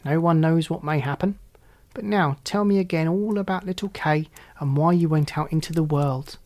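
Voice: medium pitch, normal speed, darkish tone, lightly acted. A fierce little robber girl who gives orders bluntly, as a storyteller reads her part. The voice stays close to the reader's own, and the speech is commanding and plain. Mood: bossy. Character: young robber girl, wild and bossy.

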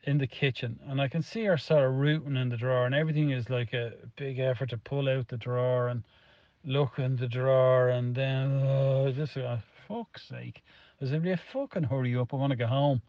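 Middle-aged Irish man, mid-pitched, heavy swearing, loose anecdotal delivery, dull lo-fi clip. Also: level tone, normal speed, no echo. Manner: swears constantly, rambling, vivid retelling. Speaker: storyteller in a played clip. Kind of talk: casual spoken anecdote.

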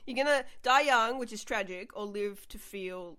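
Bright-voiced young woman comedian chatting. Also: medium pitch, normal speed, smooth. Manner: animated, laughing often. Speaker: comedian guest. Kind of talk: casual podcast chat.

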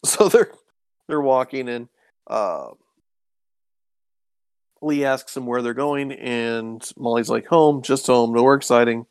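A man's voice: medium pitch, slow pace, long pauses, clean tone, no room sound. A man casually recapping an episode, rambling with ums and acting out quoted lines. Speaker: podcast co-host recapping a show. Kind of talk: casual chat.

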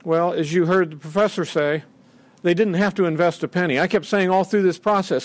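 A man's voice: high-pitched, fairly quick, no echo. A middle-aged man giving an emphatic, indignant speech from a podium and acting out quotes. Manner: emphatic, indignant, dramatic quoting. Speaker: speaker at a podium. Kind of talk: public speech.

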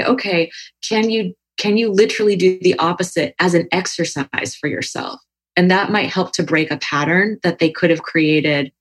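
A woman who is a yoga teacher and author, talking in a thoughtful, reflective way in long winding sentences. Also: fairly low pitch. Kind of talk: conversational podcast talk.

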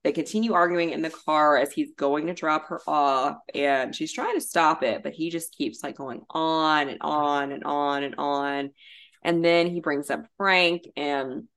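A woman with a notably deep voice talks as a podcast co-host. She recaps reality TV casually and bluntly, full of "like" and easy swearing. Her delivery is loose and conversational. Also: fairly even intonation, a little slow, fairly bright tone, clear, resonant tone. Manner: chatty and blunt, with frequent "like" and swearing.

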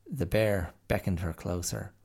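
A man reading a bedtime-style story with a deep, gravelly voice and a gentle, unhurried delivery. His tone is dark and mellow, and it moves around a great deal between lines. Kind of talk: storybook narration.

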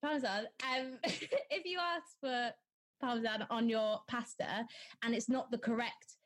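A woman's voice: a little high, measured pace. A young woman hosting a casual interview, enthusiastic and full of fillers. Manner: enthusiastic, gushing, filler-heavy. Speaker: host, interviewer.

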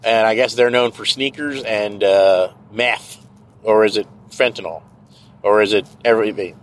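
A middle-aged podcast host rants from behind the wheel, casual, sarcastic and profane. His voice sits on the low side, and the recording quality is poor.

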